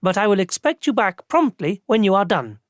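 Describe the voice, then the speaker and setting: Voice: medium pitch, sing-song, a little fast, no echo, clean studio sound, voice pushed up, natural voice. A narrator voicing a composed woman who supervises office clerks, speaking formally and politely.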